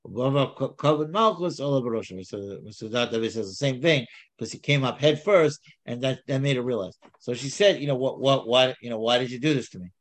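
Halting man reading and explaining text. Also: medium pitch. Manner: halting, with many restarts and fillers; reads Hebrew aloud, then paraphrases. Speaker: Torah teacher. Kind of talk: casual text study.

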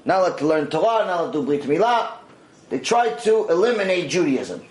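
A man gives a religious lesson as an animated story, his fairly high voice rising and falling a lot as he plays out the exchanges between characters. The sound carries a roomy echo from the space he's in. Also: a little fast. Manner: animated, acts out dialogue in quoted voices. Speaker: Torah teacher. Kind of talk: storytelling lecture.

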